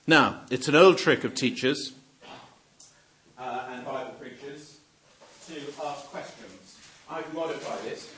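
A man's voice: mid-range voice, a bit bright, breathy edge. A male preacher giving a sermon, joking with the congregation and often breaking off and restarting his sentences. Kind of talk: sermon with audience questions.

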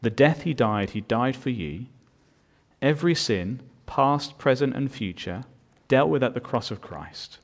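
Man, pastor, sermon, earnest delivery, mid-pitched voice, rising emphasis. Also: animated, measured pace. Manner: earnest preaching, swells louder on key points.

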